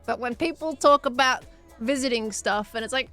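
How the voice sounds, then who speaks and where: A woman's voice: on the high side, moderate pace, pushed and bright, soft background music. An Australian woman from Victoria chatting casually on a gaming live stream, laughing often and answering chat as she plays.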